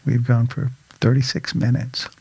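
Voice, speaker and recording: Male talk host, mid pitch with some gravel, stammers and restarts, friendly banter, dry close sound. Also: flat delivery, normal speed, warm tone, no room sound. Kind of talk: casual interview chat. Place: local studio.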